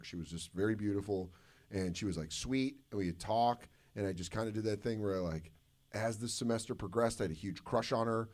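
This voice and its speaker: A man's voice: fairly low pitch, darkish tone. A male comedian guest telling loose, profane stories at a live podcast taping, slipping into mocking voices. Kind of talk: loose comic storytelling.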